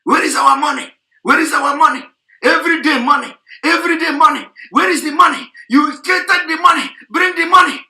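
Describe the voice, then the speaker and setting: A man putting on the voice of a hot-headed male agitator who yells repeated threats and demands. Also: extremely high pitch, brisk, reverberant, voice pushed up, exaggerated voice. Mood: mocking, shouting. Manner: yelling, repetitive.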